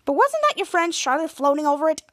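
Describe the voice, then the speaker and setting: A woman's voice: high voice, very animated, quick pace, fairly bright tone, no echo, studio quality. A woman voicing a nosy older neighbor woman, quoting her prying questions.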